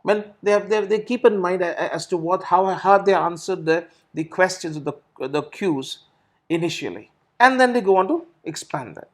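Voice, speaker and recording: A man's voice: high-pitched, animated, moderate pace. A middle-aged man, an IELTS trainer answering questions. He explains things step by step and often repeats words and restarts his phrases. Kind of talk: teaching in a recorded Q&A session.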